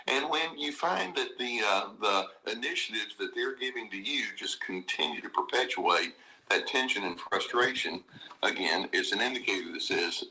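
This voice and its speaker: A man in a played clip, explaining step by step in a measured way the signs that a relationship should end. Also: lowish voice, pushed and bright, rough recording. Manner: measured, explanatory, lists indicators. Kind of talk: advice talk clip.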